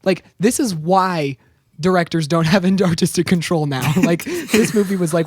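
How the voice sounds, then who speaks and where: A man's voice: high-pitched, normal speed, dry recording. A man with a strained voice, recapping a film plot with sarcastic asides and laughter in a casual podcast chat. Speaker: podcast co-host.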